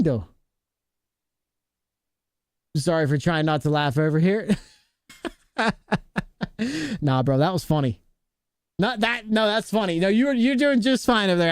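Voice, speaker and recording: With a fairly high voice, this male streamer hangs out with viewers, kidding around, laughing a lot, and calling out chatters by name. It's studio-quality audio with no room sound.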